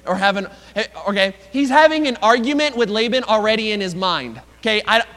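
A man's voice: high voice, lively intonation, a little fast, fairly bright tone. A man preaching a sermon, retelling a story with asides to the congregation, recorded with long reverb in a large hall.

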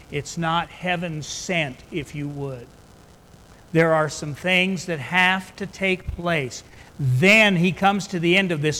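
A man preaching a sermon, reading scripture slowly and building to emphatic, fervent emphasis. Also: sits high. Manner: slow, emphatic Bible reading that rises into loud fervor. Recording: reverberant hall with faint background noise.

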